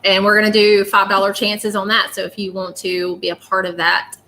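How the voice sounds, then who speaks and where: A woman's voice: mid-range voice, monotone, normal speed, bright, forceful tone, a little hiss or hum. A woman talking casually and emotionally on a live stream, apologetic and rambling as a psychic reader.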